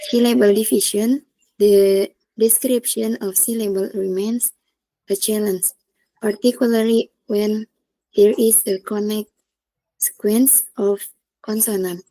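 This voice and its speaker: Slow, mellow young woman presenting. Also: medium pitch, fairly even intonation, dry recording, rough recording. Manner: slow, halting reading with restarts. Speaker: student presenter. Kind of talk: reading a class presentation.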